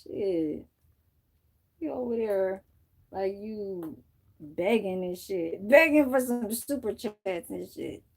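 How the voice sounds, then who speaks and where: Slow-talking woman streamer, chatty and profane. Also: mid-range voice, lively intonation, vocal fry. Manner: loose, profane and rambling, with frequent laughter. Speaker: livestreamer. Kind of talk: casual chat while dyeing her hair.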